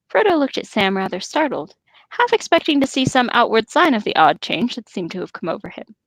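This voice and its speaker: A woman's voice: on the high side, sing-song, fairly quick, fairly bright tone, no room sound. A woman reading a novel aloud for a podcast, putting on voices for the characters and making chatty asides. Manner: reads dialogue in put-on hobbit voices, chatty asides. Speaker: podcast reader.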